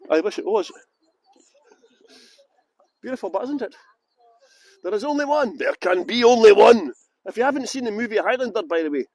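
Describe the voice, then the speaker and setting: A man's voice: high-pitched, dry recording. A Scottish man working as a tour guide, rambling through self-mocking banter and greeting viewers by name during a live stream outdoors in a garden. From Scotland.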